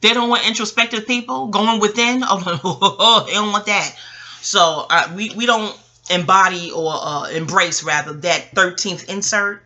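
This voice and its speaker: An astrologer in her forties rambles through a casual monologue in a mid-range voice, taking her time. She's animated and profane, breaking off for laughing asides.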